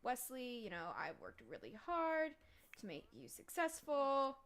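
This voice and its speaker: A domineering middle-aged mother in a home-made game story, voiced by a woman. She scolds and issues demands in a fairly high voice that rises and falls a great deal. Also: huge pitch swings, a little slow, fairly bright tone, exaggerated voice. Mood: indignant. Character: controlling middle-aged mother, bossy and indignant.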